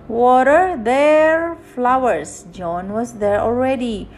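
A woman reads a picture book to her child, pausing to explain each page. Her voice sits high and she moves slowly and patiently. Soft music plays faintly in the background. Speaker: parent reading to a child. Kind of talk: reading a picture book aloud.

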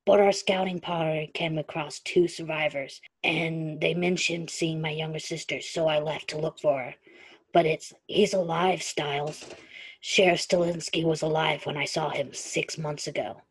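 A woman doing a low, hushed young man. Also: fairly even intonation, moderate pace, slightly rough, no echo. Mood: urgent. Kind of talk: amateur fan fiction reading.

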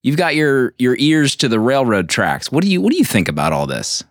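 Lively, playful man hosting a podcast. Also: medium pitch, no echo, studio quality. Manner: playful and teasing, quick to laugh. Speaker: podcast host. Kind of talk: casual chat.

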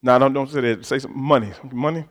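A man preaching a sermon to a congregation, moving between quiet conversational asides and loud shouted stretches, calling for the crowd's responses. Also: medium pitch, steady tone, very fast, very noisy. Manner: talks directly to the congregation with call-and-response prompts. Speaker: pastor.

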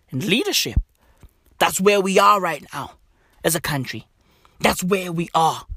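Stand-up comic, exasperated profane rant, drawn-out delivery, very animated pitch, dry close mic. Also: male voice, no echo. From South Africa. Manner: exasperated, sweary, slangy, swinging from loud outbursts to weary mutters. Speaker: comedian.

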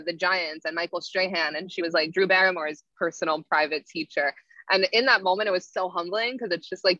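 A woman's voice: fairly low pitch, sharp tone, dry recording. A young woman, a yoga teacher telling stories in a casual interview, full of "like" fillers. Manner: chatty, frequent "like" fillers. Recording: dull lo-fi sound.

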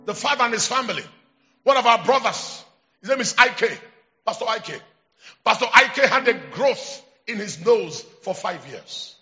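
Nigerian male bishop, middle-aged, very high bright voice, shouting, calling the crowd to respond. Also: animated, normal speed, dull audio, faint music behind. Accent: Nigerian English. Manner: shouting, call-and-response, repetitive. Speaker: bishop preaching. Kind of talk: charismatic sermon.

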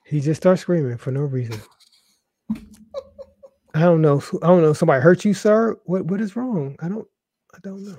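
A man's voice: on the high side, normal speed, long pauses, dark tone, no room sound. A man co-hosting a casual show, telling stories about church videos in an amused way and laughing often. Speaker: co-host.

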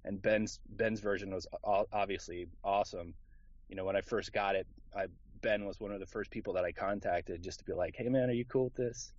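A man's voice: sits low, level tone, a little fast, no room sound, lo-fi sound. A man from Houston, Texas, a voice actor guest in a casual interview, talking in an easygoing, rambling way with plenty of fillers.

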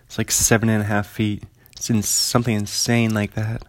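A man's voice: lowish voice, flat delivery, normal speed, dry recording. A man hosting a casual solo podcast from his apartment, rambling in a laid-back way with lots of fillers. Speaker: podcast host. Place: home apartment.

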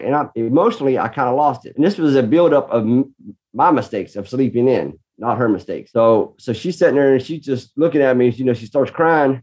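A man's voice: mid-range voice, a little fast. A man in a casual conversation, earnestly telling a story about being a parent. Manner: earnest storyteller, reenacts his own shouting.

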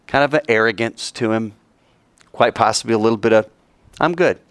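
A man preaching a sermon, telling stories in an animated way and asking his audience questions. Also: fairly low pitch, fairly quick, smooth, no echo.

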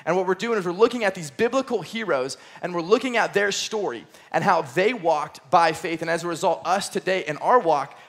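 A young high school pastor preaches from a church stage, his sermon energetic and chatty and full of filler words.

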